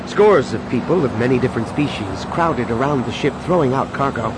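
A man narrating an audiobook in a steady, expressive storytelling manner. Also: mid-range voice, fairly quick, background noise.

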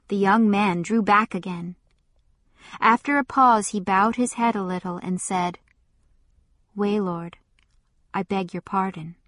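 A woman narrating a novel in a measured, deliberate first-person reading. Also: mid-range voice, no room sound, clean studio sound. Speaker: audiobook narrator. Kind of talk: scripted narration.

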